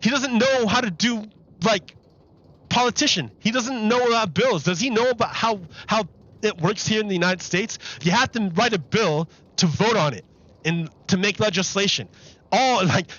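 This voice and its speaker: A man's voice: sits high, normal speed, fairly bright tone, highs cut off. A man live-streaming commentary on a political interview, exasperated and repeating his questions over the clip.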